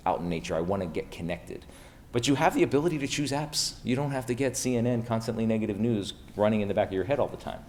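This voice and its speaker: A man's voice: fairly low pitch, darkish tone, slight background noise. A man from Pennsylvania giving a casual, upbeat conference keynote to a live audience in a room, throwing rhetorical questions at the crowd. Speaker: keynote speaker.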